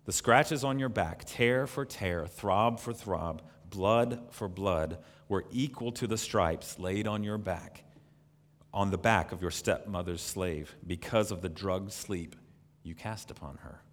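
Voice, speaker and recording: A man voicing a great, deep-voiced lion who speaks gravely and gently. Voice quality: deep and slow, solemn. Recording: long reverb in a large hall.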